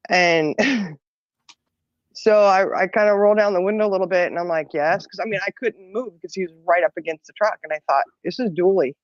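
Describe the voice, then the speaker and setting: A woman's voice: medium pitch, a little fast, dry recording. Chatty middle-aged woman, dry dull sound. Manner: chatty, laughs often, rambling. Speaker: podcast co-host. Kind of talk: casual storytelling chat.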